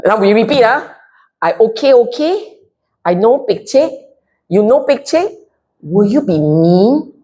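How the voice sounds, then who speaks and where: A woman's voice: mid-range voice, husky. A woman with a Singaporean English accent giving a Buddhist Dharma talk, playful and direct, often asking the audience if they follow. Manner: animated and playful, mixing in local slang; direct, keeps checking with the audience. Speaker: Dharma speaker.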